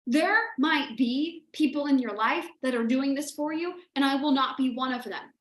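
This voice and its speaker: High-pitched lady doing a motivational livestream, emphatic and emotional, talks right to the viewers, roomy echo. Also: moderate pace. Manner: emphatic, repetitive and emotional, addressing viewers directly. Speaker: business mentor hosting a livestream.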